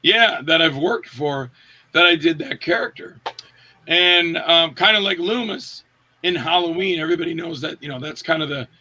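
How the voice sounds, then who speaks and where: A man's voice: fairly high pitch, normal speed. A man, an actor being interviewed, telling set stories in a casual way and acting out the quotes with a raised voice. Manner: animated, acts out quotes with raised voice. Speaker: actor guest.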